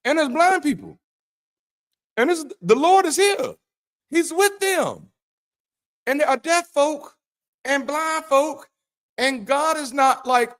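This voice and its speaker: A middle-aged man hosting an irreverent Bible commentary as an ex-pastor, talking in a profane, animated way that swings from mock-preacher solemnity to incredulous outbursts. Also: very high voice, slow, pauses often. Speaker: ex-pastor host.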